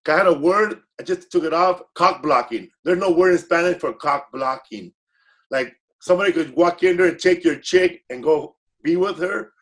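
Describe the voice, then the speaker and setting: A man's voice: a little high, moderate pace. A man from the United States, a guest comedian telling stories in casual podcast chat and acting out the people he quotes. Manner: storytelling with quoted voices, relaxed swearing.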